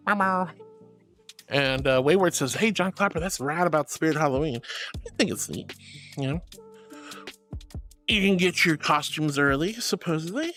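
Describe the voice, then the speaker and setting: Reading out messages from her viewers, a streaming woman chats in a relaxed way, alternating between quiet low-voiced musing and high-pitched squeals of excitement.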